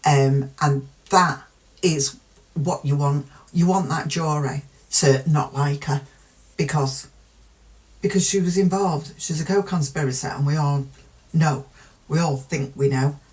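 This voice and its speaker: A middle-aged British woman from the UK giving blunt, opinionated crime commentary, rambling with pauses and fillers. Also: sits low, darkish tone, low-quality recording. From United Kingdom. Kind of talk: casual spoken commentary.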